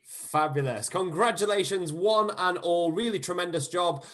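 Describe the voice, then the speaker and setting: A man's voice: high-pitched, a bit bright. A man hosting a live online show over a video call, introducing the cast in an upbeat, playful way. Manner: upbeat, playful, quick to laugh. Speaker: host and director.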